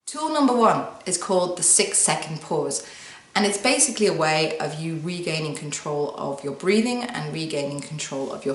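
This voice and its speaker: A woman talking to camera as a wellbeing coach, giving calm, soothing step-by-step instructions and guiding the listener through breathing. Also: low voice. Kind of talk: guided self-help talk to camera. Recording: echoey room.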